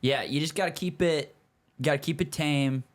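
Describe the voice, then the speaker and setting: A young man, a comedian guest on a podcast, chatting casually and acting out bar stories with lively voices. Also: moderate pace. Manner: animated storytelling, acts out bar pickup scenes in a higher voice.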